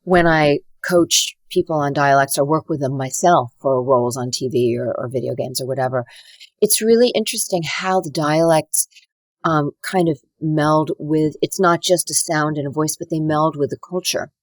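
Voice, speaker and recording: A woman, a dialect coach talking casually on a podcast and explaining with lively demonstrations. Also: deep voice, normal speed, dry recording. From United States. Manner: animated, demonstrative, slips into accent impressions while explaining.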